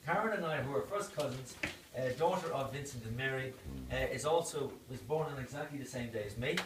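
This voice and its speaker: A man's voice: medium pitch, a little fast. An Irish man in his fifties, a doctor, giving a birthday speech full of anecdotes and laughing through his punchlines. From Ireland. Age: 50s. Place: indoor party venue. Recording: echoey, distant, noisy party room.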